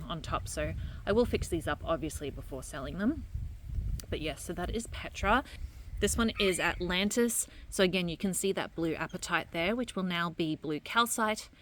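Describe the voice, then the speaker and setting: A young adult woman, chatting casually through a product vlog about her candles and crystals, rambling and trailing off softly. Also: lowish voice, a little hiss or hum. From Australia.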